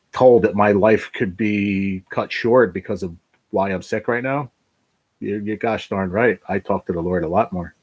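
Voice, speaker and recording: A middle-aged man hosting a casual livestream, his voice low and a bit husky. He talks bluntly and emotionally, swears freely and rambles from one tangent to the next. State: fighting back tears. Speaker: channel host.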